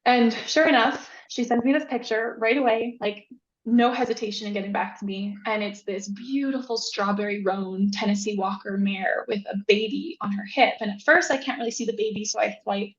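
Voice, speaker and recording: A woman guest on a podcast telling a story in a casual, animated way, acting out the voices she quotes. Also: medium pitch, fairly quick. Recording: echoey, dull lo-fi sound.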